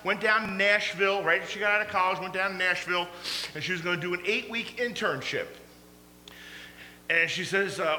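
A man preaching a storytelling sermon, animated and laughing through his stories. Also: sits high, fairly quick. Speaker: pastor. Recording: echoey hall, faint hum.

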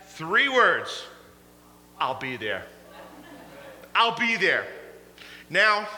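A man preaching a storytelling sermon, animated and laughing through his stories. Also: sits high. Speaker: pastor. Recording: echoey hall, faint hum.

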